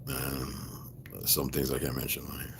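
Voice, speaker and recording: A man with a very deep, low-pitched voice speaks straight to his audience in a rambling personal monologue. He swears freely and presses his points hard, with a conspiratorial edge. He keeps checking in with his listeners to ask whether they follow him. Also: completely flat delivery, normal speed, creaky, noisy background. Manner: profane, emphatic, conspiratorial rant. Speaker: video blogger.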